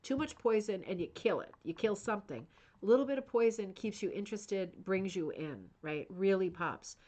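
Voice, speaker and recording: A woman's voice: mid-range voice, animated, moderate pace, a little mellow. A woman with a mid-range voice hosts a live craft stream. She talks in an eager, chatty way, reacting to viewer comments as she goes. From United States. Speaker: host of a rug hooking club channel. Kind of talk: live-streamed book review chat.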